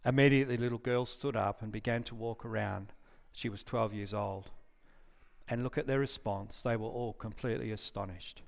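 A man's voice: lowish voice, steady tone, normal speed, vocal fry. A man preaching a casual sermon, reading scripture aloud, often restarting and correcting himself and putting questions to his listeners. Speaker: pastor.

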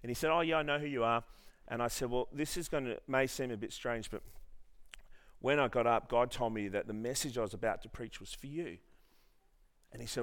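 A man's voice: mid-range voice, fairly quick, a bit bright. A man preaching a sermon, telling a story with many restarts and then leading the congregation in earnest prayer. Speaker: pastor.

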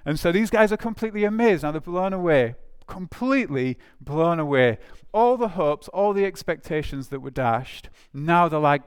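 A man's voice: a little high, expressive, moderate pace, few pauses, smooth. A man preaching a conversational sermon to a church congregation, telling a story with many fillers and restarts, and speaking to the children. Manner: informal storytelling, addresses children.

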